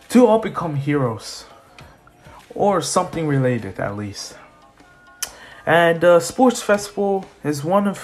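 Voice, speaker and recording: A man voicing a teenage boy hero who gives an earnest, rambling pep talk full of fillers. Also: a little high.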